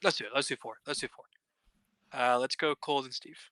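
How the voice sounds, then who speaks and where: An eager man chatting on a podcast in a very sharp, bright voice. He gets excitable and keeps restarting his sentences. The sound is dry and close. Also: medium pitch, fairly quick, no room sound. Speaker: podcast co-host. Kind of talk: casual podcast chat.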